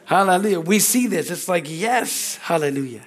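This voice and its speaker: Guy preaching sunday church sermon, slightly higher voice, goes loud then drops quiet. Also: animated, moderate pace. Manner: call-and-response preaching with frequent amens and hallelujahs; swings between loud exclamations and quiet asides. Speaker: pastor. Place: church sanctuary.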